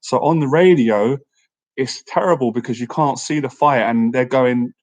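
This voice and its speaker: A man chats through a casual live-stream Q&A, upbeat and friendly. He laughs easily and keeps tossing in "right?" as he talks. His voice sits at an everyday middle pitch. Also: moderate pace, poor audio. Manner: chatty and upbeat, often asks "right?"; laughs easily, animated when telling stories. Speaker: social skills coach and YouTuber.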